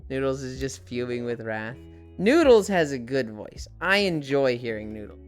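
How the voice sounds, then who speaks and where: A woman's voice: rumbling low, big pitch swings, moderate pace, soft background music. A young woman streamer with a nasal voice, sick, chatting with viewers in a sarcastic and profane way. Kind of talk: casual live-stream chat.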